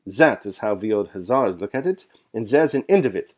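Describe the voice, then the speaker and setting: A man's voice: on the low side, animated, a little fast, darkish tone. A man voicing a stout, patriotic old German colonel with a German accent, speaking emphatically and leaning hard on single words. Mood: emphatic.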